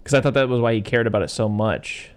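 A man's voice: medium pitch, fast, clear, resonant tone. A young man casually talking through a movie with a friend, swearing now and then and acting out lines. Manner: relaxed, swears casually, acts out quotes. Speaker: podcast co-host.

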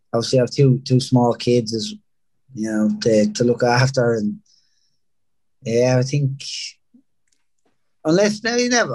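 An Irish man in his thirties, a footballer talking casually in an interview, relaxed and full of fillers. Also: mid-range voice, no echo. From Ireland. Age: 30s. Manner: relaxed, laid-back storytelling with many fillers. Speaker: professional footballer, guest.

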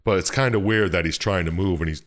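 A young man with a very deep voice tells a video game story in casual chat. He is animated and swears freely, slipping in bits of the characters' voices. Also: fast. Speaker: podcast co-host.

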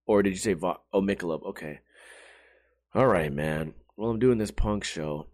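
Low, slow-drawling mellow bartender dude, mumbly and unhurried, as a man impersonates him. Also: natural voice. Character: laid-back drawling male bartender.

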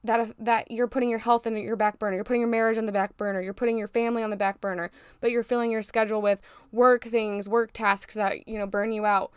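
A woman's voice: on the high side, flat delivery, quick pace, few pauses, smooth, dry recording. Emphatic woman podcast host, dry close sound. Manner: emphatic, preachy, fired-up encouragement. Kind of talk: faith-based motivational podcast talk.

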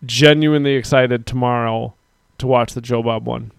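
A man's voice: mid-range voice, fairly even intonation, moderate pace, creaky, clean tone, no room sound. A man hosting a live stream, chatting casually and rambling as he reads out viewers' comments. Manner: rambling, talks to chat viewers, mock-quotes people. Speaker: podcast host.

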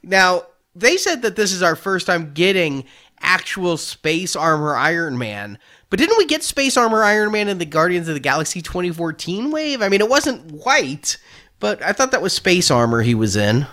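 A man's voice: high-pitched, sing-song, normal speed, sharp tone. A man hosting a casual chat about toy figures, chatty and joking, laughing often. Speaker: toy collecting podcast host.

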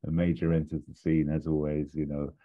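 A man with an extremely deep, dark and husky voice. He chats casually, rambling and restarting his sentences. The recording is dull and lo-fi. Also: flat delivery, a little fast. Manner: rambling, hesitant, many restarts and fillers. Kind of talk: casual chat, pitching a story idea.

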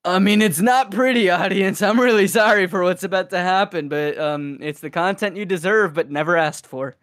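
A man's voice: high-pitched, moderate pace, fairly bright tone, smooth. A man guesting on a podcast, joking dryly in casual chat about a film. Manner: playful, dry joking.

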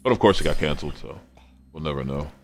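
A man co-hosting a podcast in casual chat, rambling and letting his sentences trail off quietly. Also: extremely low pitch, fast talker, a little hiss or hum. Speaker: podcast co-host.

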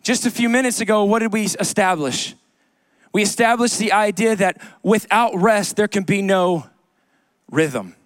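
In a church sanctuary, a male pastor delivers a conversational sermon, tossing in jokes and repeating his key lines. He speaks in a high voice at a measured pace, and the studio-quality recording is dry.

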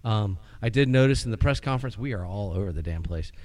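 A man co-hosting a podcast on a porch, chatting casually and telling stories in a rambling, excitable way. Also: lowish voice, quick pace. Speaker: podcast co-host. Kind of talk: casual chat.

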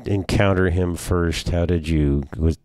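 A man's voice: deep voice, fairly even intonation, a little slow, darkish tone. A man interviewing an author, asking curious, engaged questions. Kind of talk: conversational interview.

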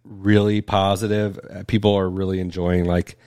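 A man's voice: sits low, flat delivery, moderate pace, darkish tone, smooth. A man co-hosting a casual chat show, rambling loosely with plenty of fillers. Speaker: podcast co-host.

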